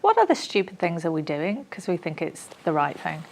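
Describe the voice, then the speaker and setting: A woman hosting a TV studio interview, encouraging and quick to laugh. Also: lowish voice, gravelly, slight background noise. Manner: lively, encouraging, laughs often. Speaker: TV talk show host.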